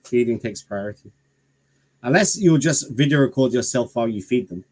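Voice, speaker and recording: A man's voice: medium pitch, lively intonation, fairly quick. Man telling anecdotes, laughing often. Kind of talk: casual live-stream chat.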